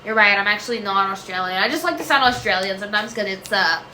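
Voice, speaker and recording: A woman's voice: mid-range voice, fast talker, sharp tone. Rambling woman in an echoey room. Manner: rambling and self-interrupting, many fillers and trailing "I don't know". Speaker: vlogger answering viewer questions. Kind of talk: casual chat. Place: home room. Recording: echoey room with faint noise.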